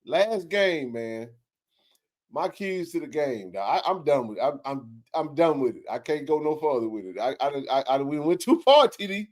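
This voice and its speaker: Animated high-voiced man talking sports. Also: moderate pace. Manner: animated, joking, slangy, laughs often. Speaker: sports talk show host. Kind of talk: casual sports banter.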